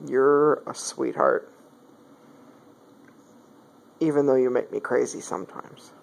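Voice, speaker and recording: A woman at home, filming on her phone and talking in coaxing, affectionate pet talk to her cat, her voice swooping up high. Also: little pitch movement, normal speed, creaky, a little mellow. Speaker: pet owner. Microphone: phone camera.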